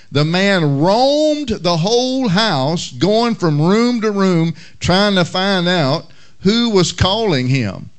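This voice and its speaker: Slow-speaking male pastor preaching. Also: high-pitched. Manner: measured, unhurried preaching with fillers. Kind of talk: sermon with prayer and humorous story.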